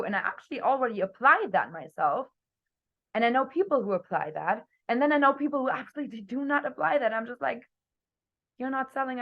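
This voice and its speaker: A young woman coaching her team on a video call, talking energetically and expressively, her voice swinging between loud and soft. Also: a little high, highs cut off. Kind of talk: motivational talk on a group video call.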